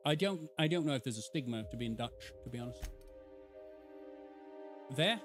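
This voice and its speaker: A man's voice: medium pitch, expressive, normal speed, faint music behind. A man from England with an English accent, chatting casually and swearing as he answers chat during a live game stream.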